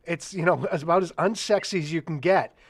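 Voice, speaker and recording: A man's voice: on the high side, brisk, breathy edge, no echo. A man hosting a casual market chat, reading out listener questions and speaking bluntly with the odd swear.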